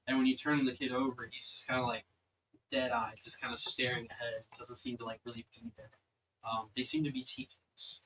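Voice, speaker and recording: A man's voice: medium pitch, brisk, fairly bright tone, slight background noise, rough recording. A young man narrating as dungeon master, rambling with many fillers. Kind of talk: narrating a tabletop game.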